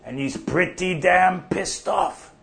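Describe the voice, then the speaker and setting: An actor playing an older farmer off the drink who tells profane, folksy stories. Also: male voice, high voice, slow pace, vocal fry, fairly bright tone, exaggerated voice. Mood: rambling. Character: older male prairie farmer off the drink, gruff storyteller. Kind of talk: monologue.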